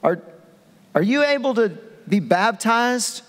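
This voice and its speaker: Brief: man voicing an incredulous teacher, squeaky and put-upon, echoey hall. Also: big pitch swings, takes it slowly, heavily acted. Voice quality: high-pitched. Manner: mock-incredulous. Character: exasperated male teacher, incredulous.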